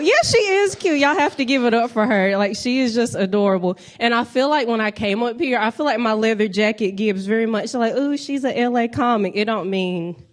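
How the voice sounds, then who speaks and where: A woman in her thirties from North Carolina with a Southern accent, doing a stand-up comedy set with animated crowd-work banter. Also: medium pitch. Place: comedy club stage.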